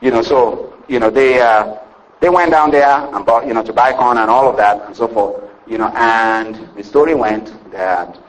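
A man's voice: mid-range voice, moderate pace, rough recording. A man preaching a sermon, retelling a scripture story in a rambling, conversational way with many fillers and calls for amen. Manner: asks the congregation for "Amen".

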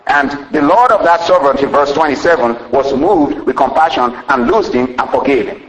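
A man's voice: normal speed, hardly any pauses, low-quality recording. A man preaching a sermon in a folksy way, often saying "you know" and laughing as he explains, acting out the scripture's dialogue. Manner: acts out the scripture's dialogue with jumps in pitch.

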